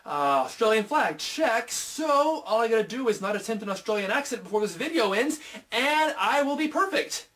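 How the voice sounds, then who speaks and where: High-voiced sarcastic American film reviewer. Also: male voice, very animated, moderate pace, a bit bright. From United States. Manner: sarcastic, self-mocking. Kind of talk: comedic video review.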